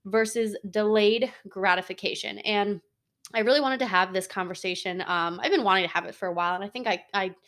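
Young woman, twenties, solo podcast host, earnest, casual and chatty, lots of fillers, mid-pitched voice. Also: a little fast, fairly bright tone. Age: 20s. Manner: earnest, chatty, heavy on fillers like "like" and "you know".

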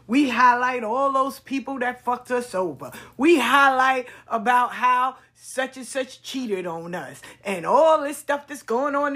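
Hosting her own podcast, a woman tells stories in a casual monologue, moving from hushed asides to loud, drawn-out emphasis. Her voice is fairly high and slightly rough.

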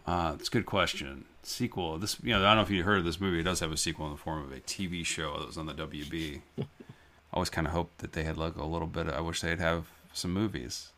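A man with a low voice riffs loosely on a movie podcast. He rambles, jokes and laughs a lot. His tone is bright and forceful. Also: steady tone, fast. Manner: rambling, jokey, laughs often. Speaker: podcast co-host. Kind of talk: casual movie podcast banter.

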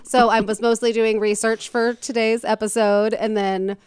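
A woman's voice: fairly high pitch, flat delivery, moderate pace, darkish tone, smooth, dry recording. A woman co-hosting a podcast in casual chat, upbeat and encouraging, with many fillers. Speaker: podcast co-host.

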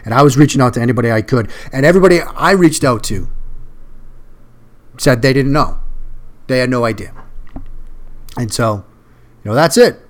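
A man hosting a solo sports podcast, talking in a conversational, emphatic way and repeating words when he stresses a point. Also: medium pitch. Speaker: podcast host.

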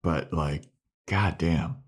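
A man's voice: rumbling low, fairly even intonation, slow pace, breathy edge. A man co-hosting a podcast in casual chat, retelling scenes animatedly, acting out characters' lines and swearing casually. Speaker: podcast co-host.

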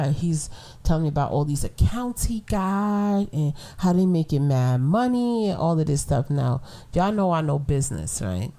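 A middle-aged woman from Brooklyn, telling a story in a casual podcast monologue, blunt and animated, laughing often. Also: sits low, moderate pace. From Brooklyn, New York. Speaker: podcast host.

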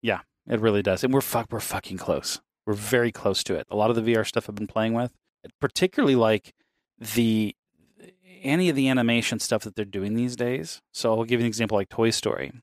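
A man's voice: on the low side, a little fast, dry recording, studio quality. A man co-hosting a casual chat, rambling and swearing freely, often laughing between points.

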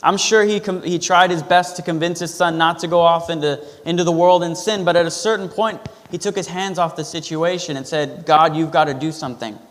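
A man's voice: a little high, steady tone, fairly quick, few pauses, big-room sound. A male pastor giving a sermon, telling a personal story in a loose, conversational way with fillers and restarts.

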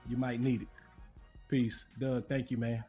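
A man hosting a podcast, relaxed and affirming, wrapping up an interview with an informal sign-off. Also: medium pitch, unhurried. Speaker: podcast host. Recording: music clearly behind.

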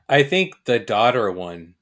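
A man joins a podcast as a guest and talks in relaxed, casual chat. His voice sits at a middling pitch, and he weighs his words in a thoughtful, measured way.

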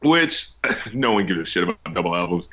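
A man's voice: low-pitched, very animated, a little fast, fairly bright tone. A man in a casual podcast chat, laughing often and talking with lots of fillers.

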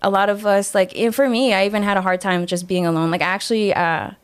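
A young woman guest telling a personal story in a casual interview, lively, acting out the voices she quotes and leaning on filler words. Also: medium pitch, quick pace, clear, resonant tone. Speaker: guest, singer-songwriter.

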